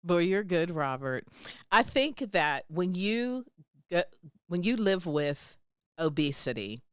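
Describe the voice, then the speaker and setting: A woman's voice: fairly low pitch, slow, clean tone, no echo, studio quality. A middle-aged woman, a podcast host, in a casual interview, telling a story with lots of laughter and acted-out dialogue. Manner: animated, laughs often, acts out quoted dialogue.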